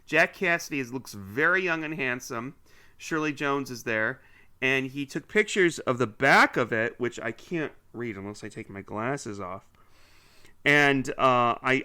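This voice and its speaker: A man's voice: medium pitch, bright, forceful tone, clean tone. A man co-hosting a podcast, chatting casually and teasingly as he reads listener mail aloud with asides. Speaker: podcast co-host.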